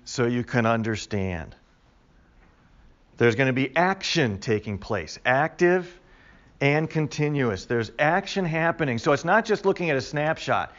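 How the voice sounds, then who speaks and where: A man's voice: mid-range voice, lively intonation, unhurried, a bit bright, highs cut off. A man teaching a Bible study class in a conversational way, repeating key words with emphasis for the group.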